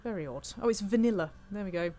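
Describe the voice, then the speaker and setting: Lively, chatty woman streamer. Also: mid-range voice, fast, music in the background. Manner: chatty, playful, reads chat aloud. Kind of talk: casual gameplay commentary.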